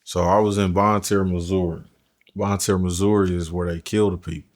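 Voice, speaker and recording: A man's voice: low voice, level tone, moderate pace. A man telling a prison story in casual, profane street talk as a podcast guest. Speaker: podcast guest, formerly incarcerated.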